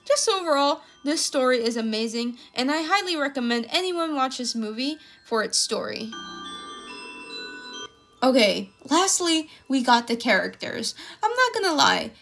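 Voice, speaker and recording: A woman casually reviewing an animated film, talking in an enthusiastic, gushing way. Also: sits high, creaky.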